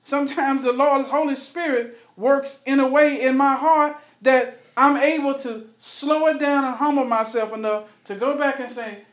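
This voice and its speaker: High-voiced man teaching in an echoey room. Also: fairly even intonation, moderate pace, few pauses, fairly bright tone. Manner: earnest, asks the group questions. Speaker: Bible study leader. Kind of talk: conversational Bible teaching.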